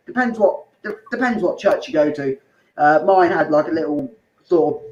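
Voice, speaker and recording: A man doing an open mic stand-up set, telling crude rambling stories with asides to the crowd. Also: high-pitched. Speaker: stand-up comedian. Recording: echoey room, muffled dull sound, faint noise.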